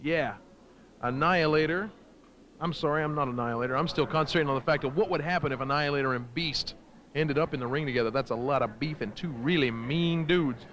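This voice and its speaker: A man's voice: fairly high pitch, quick pace, fairly bright tone, slight background noise. A man doing brash, taunting color commentary for a wrestling show, boasting and mocking the wrestlers.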